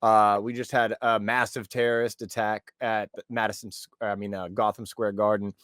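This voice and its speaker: A man's voice: on the low side, flat delivery, moderate pace, fairly bright tone, no room sound, clean studio sound. A man guesting on a podcast, chatting casually and enthusiastically. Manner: enthusiastic, acts out quotes. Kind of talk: casual chat.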